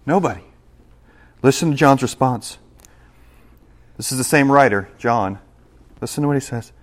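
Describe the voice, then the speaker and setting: A man preaching a sermon in church, dropping to quiet asides and rising to loud, slowed, climactic scripture reading. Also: medium pitch. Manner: preaching with big swings between soft asides and loud, slow, climactic reading. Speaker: pastor.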